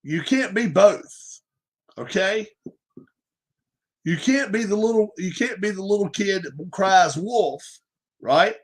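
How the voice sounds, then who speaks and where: A man's voice: high-pitched, animated, slow, long pauses. A man hosting a sports livestream, ranting emphatically, repeating points and firing off rhetorical questions. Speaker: livestream host. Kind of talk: opinionated sports rant.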